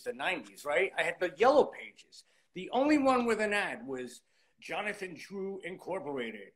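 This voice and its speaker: A man in his late fifties, appearing as an interview guest, tells his story casually and acts out old conversations along the way. His voice is a little high and somewhat bright.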